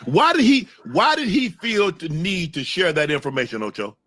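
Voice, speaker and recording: Bright, animated high-voiced sports co-host. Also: male voice, normal speed, no echo. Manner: animated, incredulous. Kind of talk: sports talk show banter.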